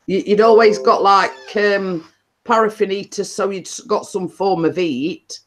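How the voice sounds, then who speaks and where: A woman's voice: medium pitch, unhurried, a little hiss or hum. Middle-aged woman, livestream host, chatty, rambling, many ums and repeats. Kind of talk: casual chat to a live audience.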